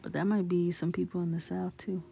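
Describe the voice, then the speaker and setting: A woman's voice: on the low side, flat delivery, brisk, vocal fry, warm tone, soft background music. A woman hosting a coloring livestream, chatting casually, laughing and reacting to viewers' comments. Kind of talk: casual chat while coloring.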